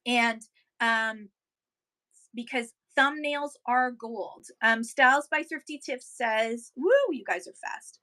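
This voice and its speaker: A woman's voice: on the high side, takes it slowly, bright, forceful tone, poor audio. A woman hosting a casual livestream, reading viewer comments aloud and encouraging sellers with upbeat tips.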